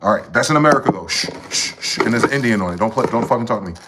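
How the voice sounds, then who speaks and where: A man hosting a livestream, ranting with profanity, repeating words in chains and breaking into sudden high-pitched shouts. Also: expressive, racing, very noisy. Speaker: livestream host. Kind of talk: livestream monologue.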